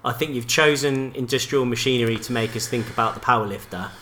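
A man's voice: mid-range voice, fast, sharp tone, a little hiss or hum. A man co-hosting a casual podcast, bantering and joking with laughs. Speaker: podcast co-host.

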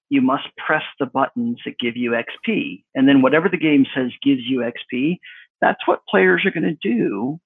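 Gravelly, husky man on a thin line. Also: medium pitch, dry recording. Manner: wry, rambling, self-mocking. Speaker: podcast co-host. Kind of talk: casual round-table chat about tabletop games. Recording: tinny phone-like line.

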